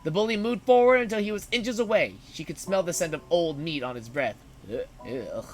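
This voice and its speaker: A man's voice: high-pitched, fairly quick. A man streaming, reading a story aloud dramatically and breaking in with joking asides.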